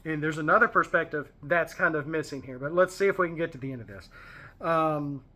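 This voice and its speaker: A man leads a casual Bible study, reading verses aloud and wandering off into chatty asides and pop-culture references. His voice sits a little high for a man. The tone is bright and forceful. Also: fairly quick.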